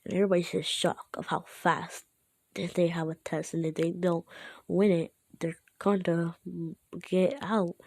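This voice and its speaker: A woman's voice: lowish voice, mellow, no room sound. A woman casually retelling a made-up story in a rambling, chatty way, with lots of "he's like".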